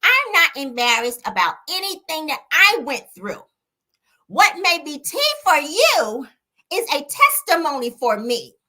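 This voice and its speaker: A soaring, drawn-out singer's voice with a little attitude, as a woman puts her on. It stretches every word slowly and pitches up well above the speaker's normal voice. The tone is bright and husky. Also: big pitch swings, heavily acted. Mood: impassioned. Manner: slow, drawn-out and pleading.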